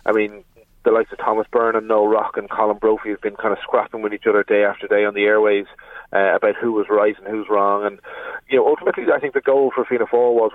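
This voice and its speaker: Irish man, phone-in radio guest, low flat voice, tinny phone line, lots of restarts. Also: fast, no room sound. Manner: steady explanatory, many fillers and restarts. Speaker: political editor, guest on phone.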